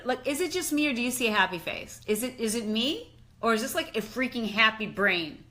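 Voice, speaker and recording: A middle-aged woman on a casual live chat, excited and exclamatory, slipping into slangy asides. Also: on the high side, normal speed. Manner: animated and exclamatory, often says "dude". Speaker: fitness and lifestyle expert.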